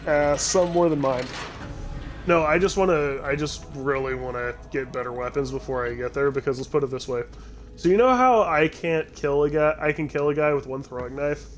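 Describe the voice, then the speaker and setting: A man with a fairly high voice streams a video game at normal speed, chatting casually with a friend. He laughs easily and often breaks off to restart a sentence, while faint game music plays behind him.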